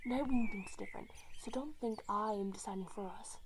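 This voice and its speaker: A woman's voice: medium pitch, a little fast, a little hiss or hum, close to an everyday voice. A woman playing a nervous young she-cat. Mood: hesitant. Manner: soft, hesitant, purring.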